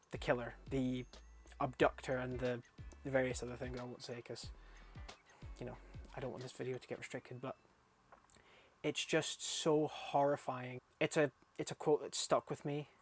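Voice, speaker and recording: A young man rambling casually about a film in a review vlog, swearing freely and getting animated and laughing when something amuses him. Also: mid-range voice, normal speed, soft background music.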